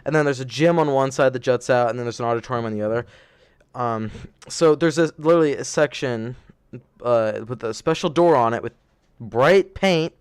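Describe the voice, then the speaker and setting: A man's voice: mid-range voice, normal speed, smooth, no room sound, clean studio sound. A young man hosting a podcast, telling stories in a rambling, self-correcting way and laughing as he goes. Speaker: podcast host. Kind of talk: casual storytelling chat.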